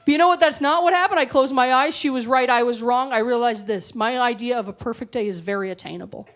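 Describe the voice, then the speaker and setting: A woman's voice: a little high, fast talker. A woman performing a stand-up comedy set on a club stage, telling sarcastic stories with acted-out voices. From Canada. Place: comedy club stage before a live audience.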